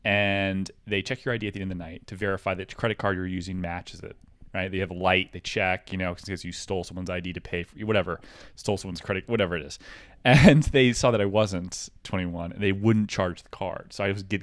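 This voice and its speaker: A man's voice: deep voice, steady tone, brisk, no echo. A man in his thirties co-hosting a podcast, telling rambling comic stories full of fillers. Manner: rambling, filler-heavy, mimics voices in anecdotes. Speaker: podcast co-host. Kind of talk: casual comedic storytelling.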